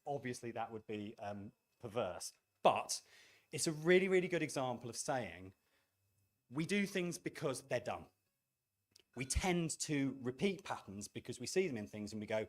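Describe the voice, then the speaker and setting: A middle-aged man speaks at a conference with a voice of ordinary middle pitch. He is animated and self-deprecating, and he acts out the remarks he quotes. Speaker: game studio leader giving a talk. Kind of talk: conference talk to an audience.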